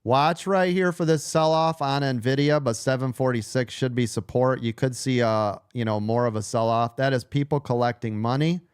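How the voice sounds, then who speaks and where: Hoarse man coaching a live trading room. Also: medium pitch, steady tone, normal speed, few pauses, dry recording, studio quality. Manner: blunt, emphatic and profane, repeats key points. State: hoarse, losing his voice.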